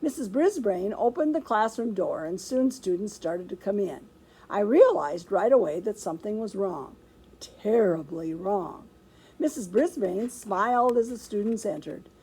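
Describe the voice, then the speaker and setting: A woman reading a children's chapter book aloud with expressive storytelling. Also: medium pitch, unhurried, breathy edge, rough recording. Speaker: storybook reader.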